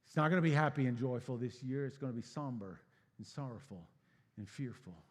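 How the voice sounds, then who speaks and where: A man preaching a sermon as pastor, swinging from hushed, low passages to loud, emphatic bursts. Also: fairly quick. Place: church sanctuary. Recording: long hall reverb.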